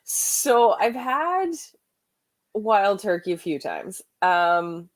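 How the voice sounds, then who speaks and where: A woman from Canada, a guest on a casual chat, telling relaxed stories and laughing at them. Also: mid-range voice, very slow, dry recording.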